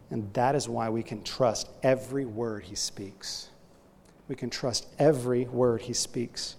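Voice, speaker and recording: Preacher in a reverberant hall. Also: male voice. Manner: earnest preaching, voice swelling loud on key points then dropping low. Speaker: pastor. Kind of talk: sermon.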